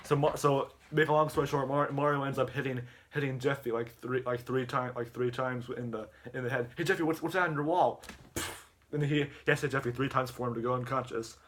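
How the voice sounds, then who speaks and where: A man's voice: mid-range voice, flat delivery, fast, few pauses, a bit bright. Rambling guy retelling a video. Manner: rambling, stumbles and repeats words. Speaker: YouTuber. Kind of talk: casual rant retelling a video.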